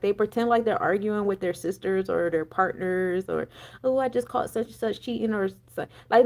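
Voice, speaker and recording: A woman in her thirties, a spiritual coach, chatting casually on a livestream, rambling through tangents with profanity and laughing asides while answering chat. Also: on the high side. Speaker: energy coach and spiritual reader.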